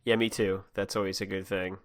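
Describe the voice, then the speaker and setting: A man's voice: low voice, a little fast. A man co-hosting a casual podcast, reading fan fiction aloud between laughs. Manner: animated, laughing reader. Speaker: podcast co-host.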